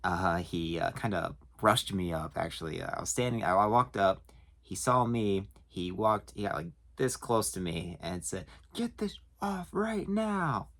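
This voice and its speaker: A man who works at a storage facility tells work stories casually to camera, chuckling and pausing on lots of fillers. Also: deep voice, gravelly, fairly bright tone. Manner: chuckling, hesitant with many fillers.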